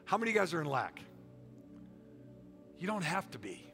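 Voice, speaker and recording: Middle-aged guy preaching, folksy and jokey, bright slightly high voice, soft music behind. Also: sing-song, brisk, gravelly. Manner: folksy, joking, emphatic preaching. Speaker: pastor. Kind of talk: sermon.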